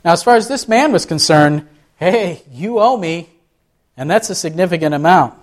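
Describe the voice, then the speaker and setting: A man's voice: high voice, animated, moderate pace. Man preaching with rhetorical questions. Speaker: pastor. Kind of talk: sermon.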